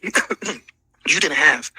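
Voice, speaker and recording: Man, sick, husky, high voice, very bright, heated profane rant. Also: expressive, drawn-out words, dry recording, rough recording. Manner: profane, repetitive, lecturing. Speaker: streamer being reacted to.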